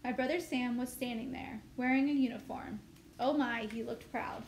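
A woman teacher reading a novel aloud with steady, expressive storytelling. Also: a little high, moderate pace, creaky. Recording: echoey room, faint noise.

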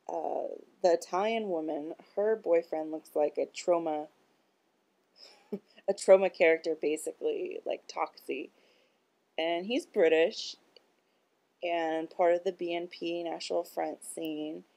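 A woman's voice: on the low side, steady tone, takes it slowly, darkish tone. A woman talking in a rambling, casual monologue. She is blunt and profane, and she leans on filler words as she goes. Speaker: vlogger.

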